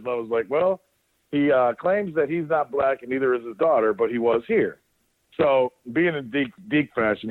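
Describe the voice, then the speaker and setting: A man's voice: mid-range voice, no echo. A man co-hosting a podcast, telling loose stories in casual sports chat. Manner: loose storytelling with laughs. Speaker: podcast co-host. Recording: tinny phone line.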